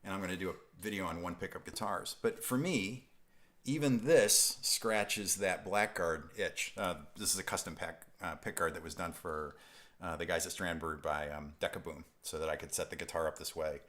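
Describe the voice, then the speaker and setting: A man's voice: low-pitched, moderate pace, a bit bright. A man from upstate New York hosting a guitar live stream, chatting loosely and reading out viewer comments with frequent restarts and chuckles. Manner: rambling, self-interrupting, chuckling.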